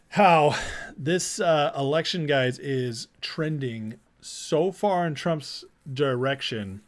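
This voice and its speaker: A man hosting a casual livestream, greeting viewers by name and talking through the news with energetic asides. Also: medium pitch. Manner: energetic, shouting out chat names, rapid asides. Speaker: political commentary livestream host.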